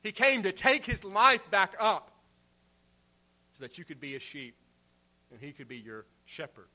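A man preaching a sermon in an earnest way, rising for emphasis and dropping soft at the ends of phrases. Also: mid-range voice. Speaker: pastor.

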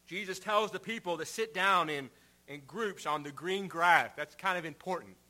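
A man preaching a sermon in an earnest way, rising for emphasis and dropping soft at the ends of phrases. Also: high-pitched, moderate pace. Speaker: pastor.

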